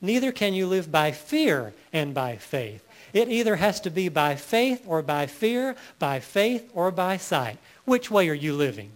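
Guy pastor preaching, kinda high voice, slows way down on the big lines. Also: big pitch swings. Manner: preaching with rising emphasis, reading scripture slowly. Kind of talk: sermon.

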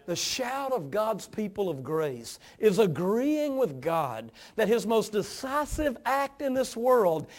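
A man preaching with fervent emphasis in a notably high voice. He repeats words for effect and drives phrases hard, sweeping between quiet asides and loud declarations. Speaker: pastor. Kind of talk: sermon.

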